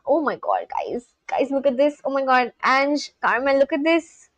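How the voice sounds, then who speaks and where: A woman livestreaming in a casual chat, gushing excitedly and talking straight to her viewers. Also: high-pitched, moderate pace, dry recording, dull audio.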